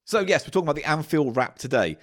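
A man's voice: a little high, very animated, fast. A man co-hosting a podcast, chatting casually with jokey, sweary, mock-exasperated banter. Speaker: podcast co-host. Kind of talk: casual comedic chat.

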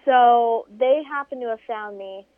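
The desert racer tells her race story a little slowly, recorded dry through a tinny phone line during an interview. She's animated throughout, mimicking quoted people with large jumps in pitch.

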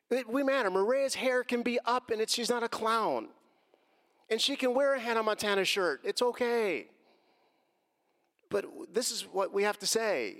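A middle-aged man with a voice on the high side answers a question about faith and race earnestly, shifting from quiet reflection to impassioned emphasis. The recording carries a long hall reverb.

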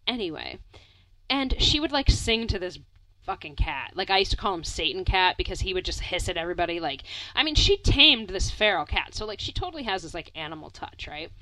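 A young woman tells a rambling story in an easy, chatty way, with plenty of filler words and the odd curse. Her voice is bright and swings widely in pitch. The sound is dry and close. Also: fairly quick, dry recording, poor audio. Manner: animated, many "like" fillers, swears, laughs often. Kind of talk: casual storytelling chat.

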